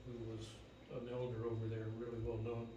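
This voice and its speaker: An older man telling a personal story to a gathering, unhurried, with many pauses. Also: mid-range voice, monotone, highs cut off, background noise. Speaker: speaker at a memorial gathering. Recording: echoey hall, mic from far off.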